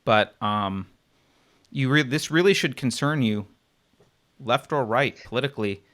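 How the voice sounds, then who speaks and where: A man's voice: medium pitch, a little slow, fairly bright tone. A man co-hosting a political talk show, speaking in a blunt, emphatic way with filler ums. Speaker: co-host.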